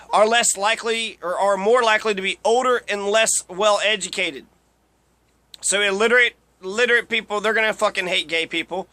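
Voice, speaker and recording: A man's voice: high voice, normal speed, sharp tone, no room sound. A young man giving casual, profane commentary while reading through a list, ranting and mocking. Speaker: video commentator.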